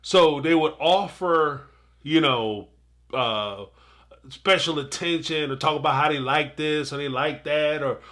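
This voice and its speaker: Bright-voiced man hosting a live commentary. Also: on the high side, measured pace. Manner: animated, talks to the audience directly, laughs often. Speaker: live show host. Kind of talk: casual commentary on a reality show.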